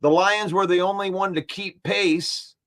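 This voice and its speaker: A man hosting a casual sports talk stream, animated and argumentative, repeating points for emphasis. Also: high voice, unhurried. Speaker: sports show host. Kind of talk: casual live-stream chat, reading comments.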